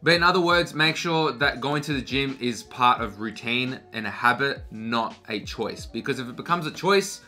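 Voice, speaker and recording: Very bright-voiced young guy vlogging. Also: medium pitch, lively intonation, normal speed, hardly any pauses, faint music behind. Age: young adult. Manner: loose and chatty, swears freely, says "dude" and "bro"; talks while eating cereal. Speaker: fashion vlogger. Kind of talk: casual Q&A vlog. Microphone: camera mic.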